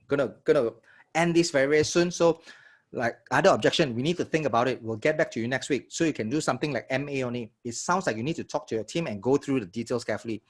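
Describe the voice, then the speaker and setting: Man, sales trainer, live online workshop, husky, energetic, medium pitch. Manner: energetic, checks in with audience often.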